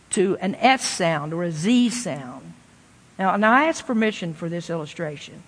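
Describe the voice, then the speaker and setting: Folksy preacher in a reverberant hall. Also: male voice, sits high, a bit bright. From Kentucky, USA. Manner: folksy, conversational preaching with homespun asides. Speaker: pastor. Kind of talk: sermon.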